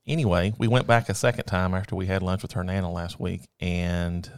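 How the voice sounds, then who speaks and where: A man's voice: sits low, a little fast, smooth. A man co-hosting a casual chat, telling a story in an upbeat, rambling way. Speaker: podcast co-host.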